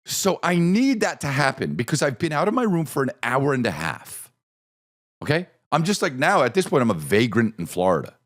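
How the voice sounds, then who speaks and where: A man's voice: medium pitch, brisk. A middle-aged man hosting a podcast, telling a comedic story with lots of swearing and acted-out voices. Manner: animated, swearing, acts out voices in his story. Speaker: podcast host.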